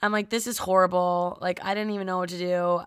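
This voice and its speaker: A woman in her twenties from the Midwest, co-hosting a podcast in casual chat, telling stories in an animated way and acting out quoted lines loudly. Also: lowish voice, fairly quick, clean tone, no echo, studio quality. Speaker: podcast co-host.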